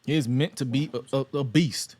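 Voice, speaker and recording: A man's voice: mid-range voice, a little fast, darkish tone, breathy edge. Aave-speaking guy co-hosting, rambles, says like a lot, mid voice. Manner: rambling with many "like" restarts, acts out wrestler voices. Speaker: podcast co-host. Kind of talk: casual chat.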